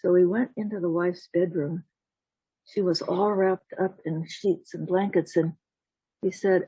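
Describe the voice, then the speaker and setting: A woman storyteller telling a folktale slowly and deliberately, voicing the sound effects herself over a video call. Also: fairly low pitch, steady tone, warm tone, slightly rough, no room sound. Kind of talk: told folktale. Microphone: video call mic. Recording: dull lo-fi call audio.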